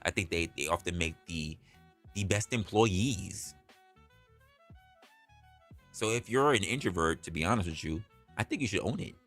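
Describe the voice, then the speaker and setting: A man's voice: deep voice, expressive, moderate pace, pauses often, a bit bright, soft background music. A man hosting a livestream, talking bluntly and casually with plenty of profanity. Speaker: livestream host.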